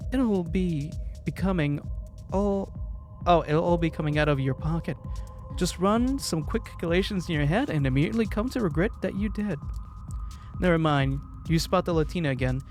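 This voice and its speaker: Guy reading a game out loud, kinda high voice, jokes and trips on words, quiet music under it. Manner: joking asides, laughs and stumbles over words. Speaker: player reading a visual novel aloud. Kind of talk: casual read-aloud narration of a game.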